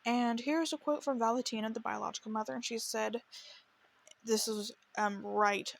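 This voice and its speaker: Hosting a true crime podcast, a woman with a fairly high-pitched, creaky voice speaks at a moderate pace with fairly even intonation. Her telling of the case is earnest and emotional, and she trips into restarts while reading quotes aloud.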